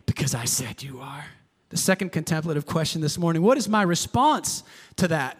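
Male pastor, high-pitched, emphatic preaching style, recorded in a church with long reverb. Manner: emphatic, with repetitions and sudden shifts between loud and soft. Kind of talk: sermon.

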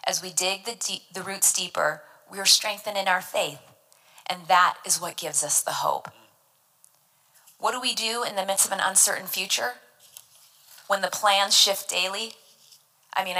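A woman's voice: mid-range voice, normal speed, pushed and bright, low-quality recording. A woman giving devotional Bible teaching, earnest and emphatic, explaining verses word by word.

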